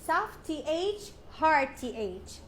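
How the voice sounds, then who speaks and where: Slow, high-voiced woman teaching pronunciation. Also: big pitch swings, a little hiss or hum. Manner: slow, deliberate, repeats each word three times. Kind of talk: classroom phonics drill.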